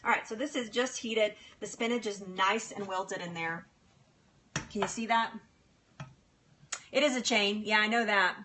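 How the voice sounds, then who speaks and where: A woman's voice: medium pitch, unhurried, pauses often, background noise. A woman hosting a casual cooking livestream in a home kitchen, chatty and laughing often as she talks to viewers by name.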